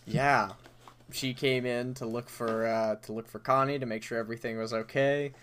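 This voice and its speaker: A man's voice: medium pitch, steady tone, moderate pace, fairly bright tone, slight background noise. A man co-hosting a podcast in casual chat, talking loosely with many fillers and easy laughs. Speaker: podcast co-host.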